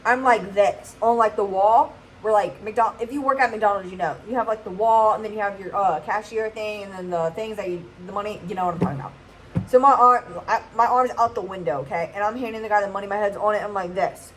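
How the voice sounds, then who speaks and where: A woman's voice: medium pitch, a little fast, low-quality recording. A young woman tells a story in a casual vlog. She is chatty and keeps checking in with her viewers. There is faint noise in the background. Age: 20s. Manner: chatty, keeps asking "okay?". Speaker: vlogger.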